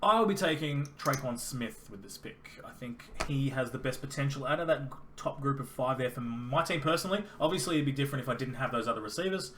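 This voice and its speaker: A man's voice: mid-range voice, lively intonation, quick pace, hardly any pauses, a bit bright. A young Australian man with an Australian accent, co-hosting a casual fantasy football chat and chatting through his reasoning. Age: young adult. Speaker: podcast co-host. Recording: faint background noise.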